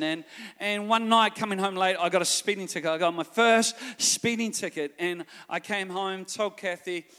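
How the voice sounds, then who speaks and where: A man's voice: a little high, fairly bright tone. A New man in his forties preaching a sermon, telling a story and building to fervent calls. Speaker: pastor. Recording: long hall reverb.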